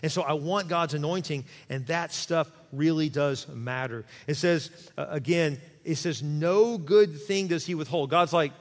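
A man preaching a sermon as pastor, animated and conversational, acting out little quoted voices. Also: a little high, measured pace, few pauses. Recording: long reverb of a large hall.

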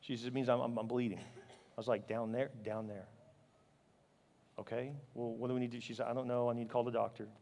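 A man preaching a sermon, telling a personal story with strong emotion, moving between loud, fervent passages and quiet, halting ones. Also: medium pitch, little pitch movement, vocal fry, in a large hall. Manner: emotional storytelling, swinging from loud fervor to hushed, halting speech. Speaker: pastor.

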